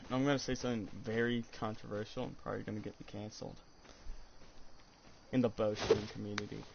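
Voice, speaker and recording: A man's voice: fairly low pitch, little pitch movement, fairly quick, gravelly. A teenage boy chatting while he plays an online game, rambling and joking with lots of fillers, on a headset mic. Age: teens. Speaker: gamer and streamer. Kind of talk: casual gaming chat. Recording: dull lo-fi sound, faint noise.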